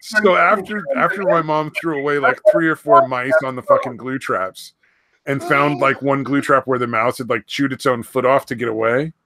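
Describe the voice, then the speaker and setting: Bright-voiced man telling crude stories. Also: mid-range voice, steady tone, moderate pace. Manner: swearing storyteller, laughs at own stories. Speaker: podcast co-host. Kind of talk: casual podcast chat.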